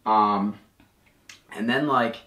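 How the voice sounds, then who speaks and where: A man casually reviewing a haunted attraction, excited and rambling with lots of "like". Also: on the low side, extremely slow, roomy sound.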